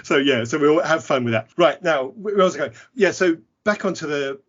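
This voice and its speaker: A man's voice: fairly high pitch, animated, a little fast, fairly bright tone, dull audio. An English man hosting a podcast, talking casually in a candid, wry, self-deprecating way. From England. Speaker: podcast host. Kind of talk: casual conversation.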